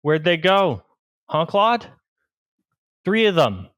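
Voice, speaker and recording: A grizzled old farmer with a gruff, scolding manner, acted by a game master. The voice sits a little higher and louder than plain talk, smooth and clear. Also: male voice, big pitch swings, slow, no echo, exaggerated voice. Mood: accusing. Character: gruff old bearded farmer, stern and suspicious.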